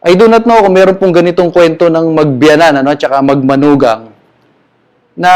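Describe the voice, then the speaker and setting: Filipino man, middle-aged pastor, a bit higher voice, emphatic grieving sermon, mixes English with Tagalog. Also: a little fast, a little mellow. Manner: switches between English and Tagalog, earnest and emphatic. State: grieving, emotional. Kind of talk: sermon at a memorial.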